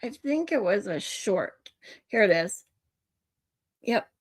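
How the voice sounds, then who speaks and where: A woman's voice: medium pitch, sing-song, slow, slightly rough, no echo. A woman hosting a live stream, chatting casually and laughing as she shows her co-host something on screen. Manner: chatty, laughs often, urges co-host to look.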